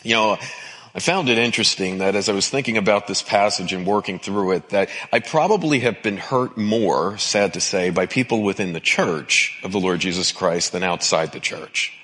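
A man preaching a sermon as pastor, with emphatic repetition and an expressive delivery. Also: deep voice, moderate pace.

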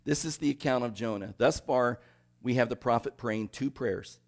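A male pastor preaching a conversational sermon, animated and often checking in with the congregation. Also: mid-range voice, normal speed.

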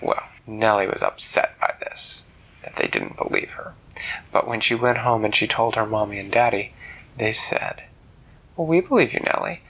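A man telling a bedtime story to a child in a gentle, animated way. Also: lowish voice, normal speed, poor audio.

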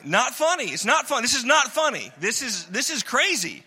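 A man's voice: very high voice, sing-song, moderate pace, bright, forceful tone, slight background noise. A man preaching a humorous sermon, telling stories and mimicking voices. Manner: storytelling, mimics voices, chuckles often. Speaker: pastor. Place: church sanctuary. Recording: long hall reverb.

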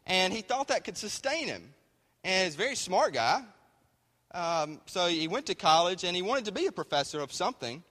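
Folksy preacher man, bright tone. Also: high voice, big pitch swings, normal speed. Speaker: pastor. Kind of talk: sermon. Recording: hall reverb.

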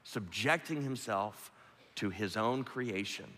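Pastor, man, middle-aged; earnest repeated-emphasis sermon, tense bright tone, long hall echo. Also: on the low side, expressive, slow pace.

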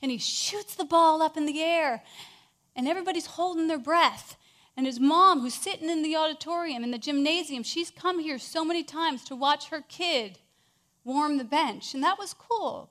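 High-voiced woman telling a sermon story. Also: normal speed. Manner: animated storytelling, swinging from hushed to loud. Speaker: speaker.

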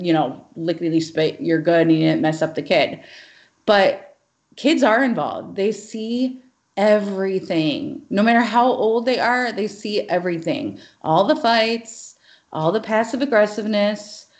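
Chatty, opinionated woman podcast co-host. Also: mid-range voice. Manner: chatty, opinionated, animated storytelling. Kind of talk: casual chat.

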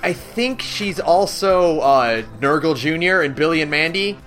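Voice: mid-range voice, lively intonation, a little slow, fairly bright tone, soft background music. A podcast co-host in casual chat, chatty, easygoing and enthusiastic.

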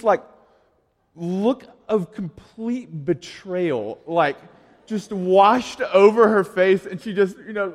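A pastor in his thirties preaching a sermon in a casual, conversational way, moving from quiet asides to lively storytelling. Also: high voice. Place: church sanctuary. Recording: long reverb of a large hall.

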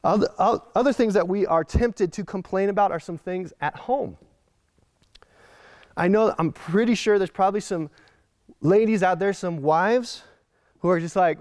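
A man preaching a sermon as a pastor, animated and slipping into quoted voices. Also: high voice, moderate pace, long pauses, no room sound, clean studio sound.

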